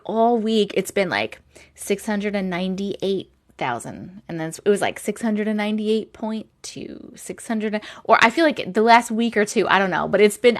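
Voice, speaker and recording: A woman's voice: a little high, a bit bright. Chatty woman greeting livestream viewers. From Long Island, New York. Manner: chatty, greets viewers by name with rising lilt. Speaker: TikTok live host. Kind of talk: casual livestream chat.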